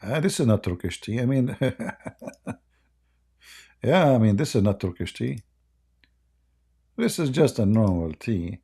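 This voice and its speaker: A man's voice: fairly low pitch, animated, a little slow, pauses often, mellow, husky. A man hosting a live debate stream in casual, mocking chat, rambling and laughing often, his voice worn and going. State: losing his voice.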